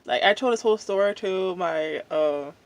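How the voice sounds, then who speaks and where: A vlogger, chatting casually while eating at home, venting in a rambling way full of fillers. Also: mid-range voice. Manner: rambling, drawn-out, many fillers. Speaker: mukbang vlogger.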